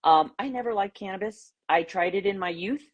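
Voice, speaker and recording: A woman's voice: medium pitch, a little fast, slightly rough, muffled recording. A middle-aged woman nurse, a guest in an online interview, speaking candidly and telling a personal story. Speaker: nurse and organization founder, guest. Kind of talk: casual interview.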